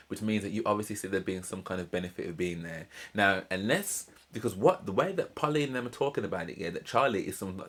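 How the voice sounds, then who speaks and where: A man hosting a reaction channel, commenting emphatically in rapid-fire casual talk. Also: on the low side, a bit bright.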